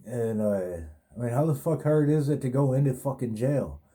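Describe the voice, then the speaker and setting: A man's voice: medium pitch, expressive, moderate pace, dark tone. A man hosting a podcast, telling a personal story in a rambling, casual way, swearing a lot. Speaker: podcast host.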